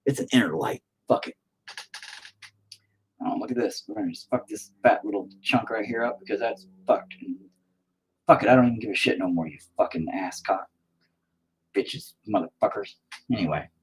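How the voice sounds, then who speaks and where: A man's voice: lowish voice, moderate pace, long pauses, breathy edge, poor audio. A man talking casually to his viewers while he paints, cursing constantly and mocking himself as he rants. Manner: profane, ranting, self-mocking. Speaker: painting vlogger.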